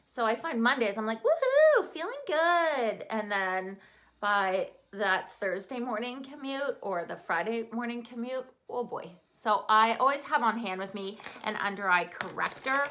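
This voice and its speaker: Woman, Canadian accent, bright clear voice, chatty makeup tutorial, upbeat. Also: mid-range voice, normal speed. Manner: chatty, upbeat, talks while applying makeup. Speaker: makeup artist.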